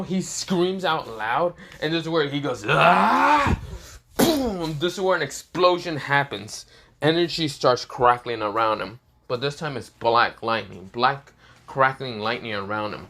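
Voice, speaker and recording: A man's voice: medium pitch, pushed and bright. A man casually narrating a fan story off the cuff, rambling with many fillers and restarts.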